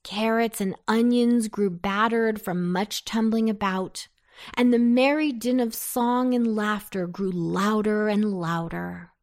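A woman reading a children's story aloud in a gentle, unhurried way. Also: mid-range voice, fairly even intonation.

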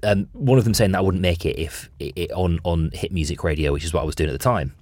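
A man in his thirties hosting a podcast, with a softened Bolton accent. His voice sits low and husky, and he talks in a reflective, halting way. The sound is dry and close. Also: dry recording. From Bolton, Greater Manchester. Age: 30s. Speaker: podcast host and radio presenter. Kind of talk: casual chat.

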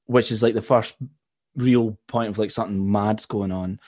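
A man sitting in as a podcast guest, chatting casually about a film. His voice sits a little low, and he talks in a laid-back, soft way that often trails off mid-thought. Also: steady tone, moderate pace. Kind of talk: casual chat.

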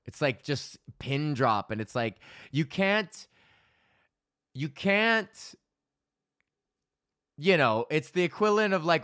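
A man's voice: on the high side, lively intonation, unhurried, pauses often, a bit bright, dry recording, studio quality. A young man hosting a podcast, telling loose, profane stories in a rambling casual monologue. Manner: loose, profane storytelling with laughs. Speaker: podcast host and comedian.

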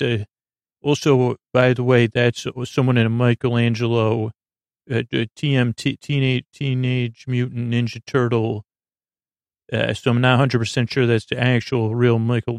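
A man hosting a sleep podcast, talking in a soft, lulling, creaky way and wandering off on goofy tangents. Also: medium pitch, steady tone, moderate pace, no room sound, studio quality. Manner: meandering, self-interrupting, goofy tangents. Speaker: podcast host. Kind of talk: rambling sleep podcast monologue.

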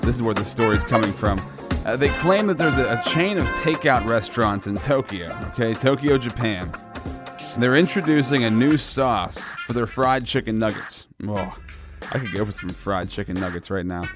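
A man's voice: mid-range voice, lively intonation, normal speed, music in the background. A man hosting a radio show, joking and rambling in casual chat.

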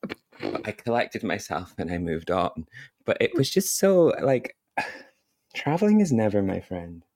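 A man from Britain co-hosting a podcast, telling a story in casual chat, full of "like" and quick asides, imitating the people he met. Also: on the low side, sing-song, a little mellow. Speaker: podcast co-host.

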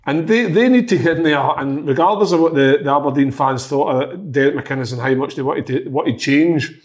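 A man's voice: on the high side, brisk. A man with a Scottish accent giving his football views in casual podcast chat, repeating words as he thinks. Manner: thoughtful, repeats words as he works out his point. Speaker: football pundit.

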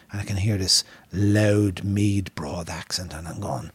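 An Irishman co-hosting a casual podcast chat, telling a story in an excitable, rambling way with plenty of swearing. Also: sits low, normal speed, husky, no echo. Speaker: podcast co-host. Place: pub.

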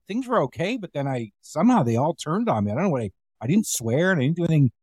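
A man hosting a podcast, telling comedy-club stories in a casual, animated way and acting out the voices of the people he quotes. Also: fairly high pitch, fast talker, husky, dry recording, studio quality. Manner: animated, acts out quotes in a raised voice. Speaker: podcast host. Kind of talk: casual storytelling chat.

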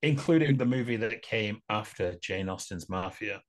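A man's voice: on the low side, normal speed. A man co-hosting a casual podcast, talking about films at length in a rambling, opinionated way with frequent laughter. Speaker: podcast co-host. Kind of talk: casual podcast film chat.

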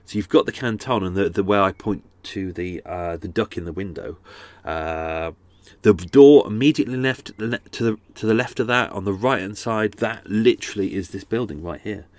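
A man's voice: on the low side, normal speed, darkish tone, no echo. A man hosting a true crime podcast, rambling casually with many fillers and restarts. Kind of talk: casual chatty outro.

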